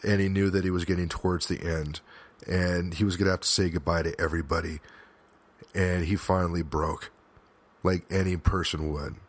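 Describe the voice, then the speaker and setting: Man, very low voice, podcast host, reflective monologue, earnest, emotional, halting. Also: steady tone. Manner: frequent restarts and fillers, swears at times.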